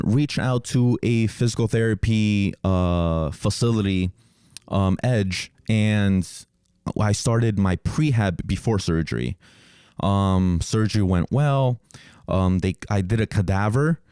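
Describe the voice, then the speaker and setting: A man's voice: sits low, mellow, clean tone, no echo, clean studio sound. A young man hosting a podcast, telling a personal story in a casual, rambling way with frequent swearing and restarts. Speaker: podcast host.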